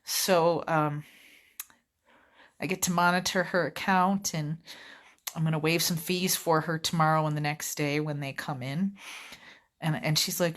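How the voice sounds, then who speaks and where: Woman, lowish voice, rambling casual work rant, easily sidetracked. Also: steady tone, measured pace, pauses often. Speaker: vlogger, customer service rep.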